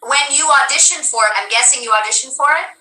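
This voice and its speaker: A woman's voice: high-pitched, quick pace, sharp tone, roomy sound, distant mic, rough recording. A woman streamer chatting casually with a guest, playful and joking.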